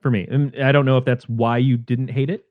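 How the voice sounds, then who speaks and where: A man's voice: mid-range voice, level tone, fairly quick, no echo, phone-quality sound. A man co-hosting a podcast, chatting casually about a film and eagerly retelling its scenes. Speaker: podcast co-host. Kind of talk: casual film review chat.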